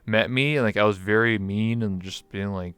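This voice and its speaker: A man's voice: on the low side, moderate pace, a bit bright, clean tone, no room sound. A man from Canada, a guest talking in a candid, reflective way with many fillers. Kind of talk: casual interview chat.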